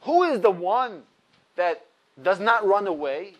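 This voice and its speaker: Man, 30s, high voice, teaching Torah with lively, emphatic storytelling. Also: takes it slowly, lo-fi sound. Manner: laughs at his own stories. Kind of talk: explaining a religious text to a class.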